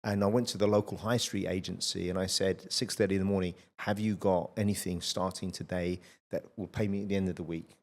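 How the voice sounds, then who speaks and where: A middle-aged man with a fairly low voice hosts a podcast in relaxed conversation. He tells energetic, blunt anecdotes and swears freely. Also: brisk, few pauses. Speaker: podcast host. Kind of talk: casual conversational storytelling.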